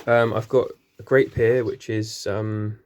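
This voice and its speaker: Rambling man with low voice. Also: level tone, measured pace, darkish tone. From England. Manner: rambling, many ums, self-correcting. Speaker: gardening vlogger. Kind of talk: casual walk-through tour. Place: small greenhouse.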